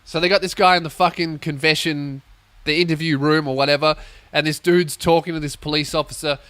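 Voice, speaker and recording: A young man hosting a comedy podcast, telling a story as a sweary, animated rant. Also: fairly high pitch, fairly quick, smooth, no room sound. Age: young adult. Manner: swearing, animated, acts out voices.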